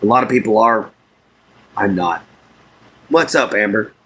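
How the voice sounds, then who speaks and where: A middle-aged man from Southeast Texas, chatting casually and haltingly with his livestream viewers by name, with lots of fillers. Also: lowish voice, a bit bright, husky. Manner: unhurried, halting, many fillers, talks to chat by name. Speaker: livestream host.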